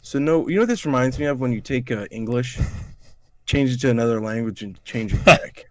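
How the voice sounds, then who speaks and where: A man's voice: mid-range voice, fairly quick, a little mellow, dry recording. Man, casual podcast co-host, profane, amused, bone-dry sound. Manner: swearing, laughing, mock-exasperated. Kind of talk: casual chat.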